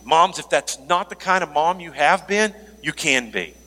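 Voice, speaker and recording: Male pastor preaching, animated with asides, higher voice, bright and forceful, long hall reverb. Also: normal speed. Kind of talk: sermon.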